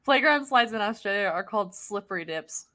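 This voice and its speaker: A woman's voice: medium pitch, animated, a little fast, bright, forceful tone. A woman chatting playfully in a casual podcast conversation. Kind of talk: casual chat.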